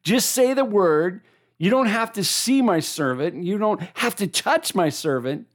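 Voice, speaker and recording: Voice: medium pitch, animated, a little slow, close to an everyday voice. A preacher voicing a humble Roman army officer who pleads earnestly, in a plain everyday voice.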